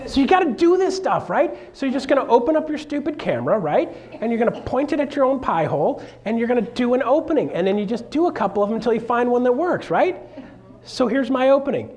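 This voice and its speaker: A man coaching a live seminar audience in an animated, jokey way, acting out quotes in a raised voice. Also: extremely high pitch, fast, a faint crowd. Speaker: real estate coach. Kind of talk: energetic seminar talk.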